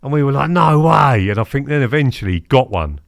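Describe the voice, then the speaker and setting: A man in his fifties, telling stories as a podcast guest in a lively, chatty way, acting out what people said. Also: medium pitch, fast, no echo, studio quality. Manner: animated, acts out quotes, keeps asking "do you know what I mean?". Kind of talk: casual storytelling interview.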